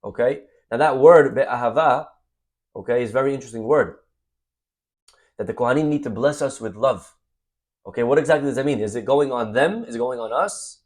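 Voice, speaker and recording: A man's voice: medium pitch, a little fast. A rabbi teaching a Torah class, reading Hebrew verses aloud, translating them and calling his listeners "my friends". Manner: animated, addresses listeners as "my friends".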